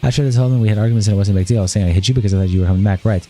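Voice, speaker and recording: A male streamer reading a long exchange of text messages aloud in a rapid, flat delivery. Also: lowish voice, soft background music.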